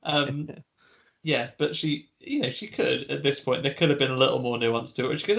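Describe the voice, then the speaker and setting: A man's voice: mid-range voice, moderate pace, gravelly, fairly bright tone. A man casually retelling a film plot as a podcast co-host, rambling with restarts.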